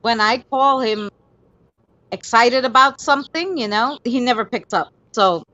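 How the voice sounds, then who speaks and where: Bright, chatty woman on a dull call line. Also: fairly high pitch, a little slow, no echo. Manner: chatty, acts out voices in her anecdotes. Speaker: guest paranormal video maker. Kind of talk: casual group chat, storytelling.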